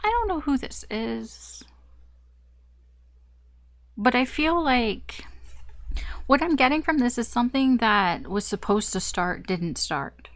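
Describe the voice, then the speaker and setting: A woman's voice: fairly high pitch, expressive, slow pace, pauses often, no echo. A woman tarot reader talking through a casual, rambling reading, often laughing at herself.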